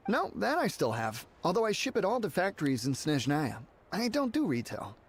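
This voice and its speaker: A man's voice: high-pitched, huge pitch swings, normal speed, slight background noise, full character voice. An actor playing a courteous, businesslike male mineral merchant in a game, hesitant and apologetic. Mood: polite.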